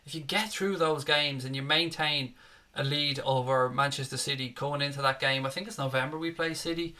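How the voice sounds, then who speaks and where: A man's voice: on the high side, normal speed, pushed and bright. Chatty man hosting a live stream. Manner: chatty, matey, jokey, says "mate" often. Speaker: host of a live football watchalong. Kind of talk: casual live-stream chat reading viewer comments.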